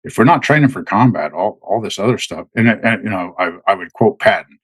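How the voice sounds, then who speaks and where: Deep raspy older vet dude, repeats himself a lot, chuckly, dry close mic. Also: male voice, fairly quick, dry recording. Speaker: military veteran guest. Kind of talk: conversational chat.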